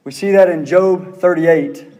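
High-voiced man preaching in a reverberant hall. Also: measured pace, warm tone. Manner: earnest preaching, rhetorical questions, repeats phrases. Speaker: pastor. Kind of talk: sermon.

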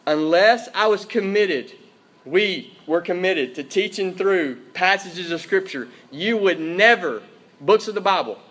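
His voice sits high and fairly bright, with lively intonation and a measured pace. The pastor delivers an emphatic sermon to his congregation, repeating key lines and checking in with "Okay?"

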